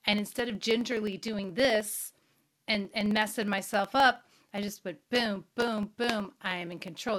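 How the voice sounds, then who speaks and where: At medium pitch and with a slightly bright tone, a middle-aged woman hosts a spirituality show. She shares a personal story in a candid, frank manner, cursing casually and questioning her listeners.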